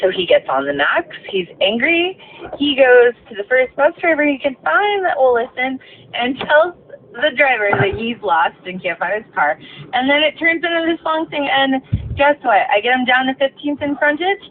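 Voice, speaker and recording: A woman bus driver venting about a rough late shift, tired, swearing a lot, her voice cracking with emotion. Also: high voice, animated, normal speed. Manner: heavy swearing, exasperated, voice breaking with emotion. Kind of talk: late-night venting rant. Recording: tinny phone-line sound, faint hiss.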